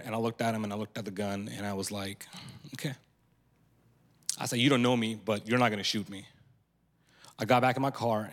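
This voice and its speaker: Young man, candid storyteller, church-event speaker, long hall reverb, mid-pitched. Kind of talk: personal testimony talk.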